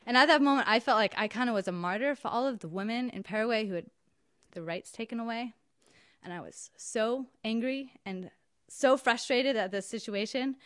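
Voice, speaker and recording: A woman's voice: fairly high pitch, moderate pace, smooth, dry recording, studio quality. A woman telling a personal story in an emphatic, wry, indignant way. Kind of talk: personal story told to an audience.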